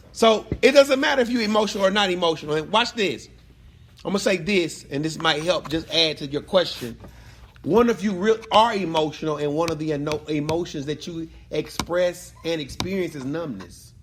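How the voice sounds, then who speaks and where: Animated man leading Bible study. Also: a little high, normal speed, slight background noise. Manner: animated, repeats phrases, calls on students. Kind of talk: interactive group teaching.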